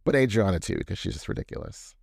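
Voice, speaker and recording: A man's voice: on the low side, fast talker, vocal fry, dry recording, studio quality. A young man co-hosting a podcast, chatting casually about reality TV and acting out what people said. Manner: animated, acts out quoted voices. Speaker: podcast co-host. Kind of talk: casual chat recapping reality TV.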